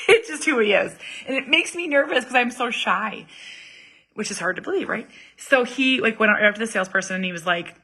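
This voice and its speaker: Woman, 30s, casual vlog host; bright tone, rambling and self-mocking. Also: mid-range voice, animated, moderate pace, slightly rough. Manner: chatty, self-deprecating, laughs often. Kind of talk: casual chat to viewers.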